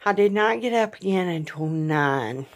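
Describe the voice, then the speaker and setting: A middle-aged woman, talking in a casual personal vlog, tired and in pain, speaking softly and haltingly with sighs. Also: lowish voice, animated. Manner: soft, halting, with frequent sighs and pauses. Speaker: vlogger.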